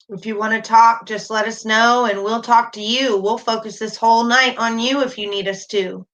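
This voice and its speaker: A middle-aged woman hosting a casual livestream, talking warmly and reassuringly while reading chat comments aloud. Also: fairly high pitch, fairly even intonation, normal speed, hardly any pauses. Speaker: livestream host.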